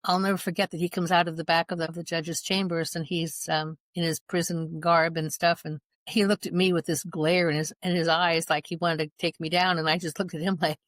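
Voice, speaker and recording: Middle-aged mother, guest. Earnest storyteller, lowish voice, dry close recording. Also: little pitch movement, a little fast, hardly any pauses, no room sound. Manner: earnest, reenacts dialogue in her retelling. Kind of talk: personal account in conversation.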